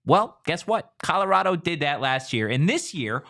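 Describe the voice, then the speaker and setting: A man's voice: fairly high pitch, big pitch swings, normal speed, pushed and bright. A man hosting a sports talk show, brash and mocking, swearing freely in casual chat.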